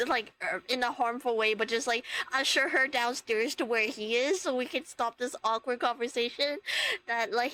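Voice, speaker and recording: A woman's voice: sits high, pushed and bright, poor audio. A woman in her twenties from Hong Kong, chatting casually on a gaming stream through a headset and rambling through stories with lots of fillers and giggles. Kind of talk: casual chat while gaming.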